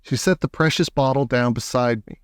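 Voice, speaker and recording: A man reading a children's novel aloud in a measured, expressive way. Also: medium pitch, clear, resonant tone, no room sound, clean studio sound. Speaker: audiobook reader. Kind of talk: storybook narration.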